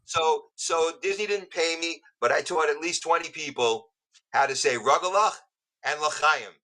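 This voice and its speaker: A man's voice: fairly high pitch, a little slow, bright, forceful tone, poor audio. A man, a musician guest on a podcast, telling jokey stories in casual chat. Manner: joking storyteller.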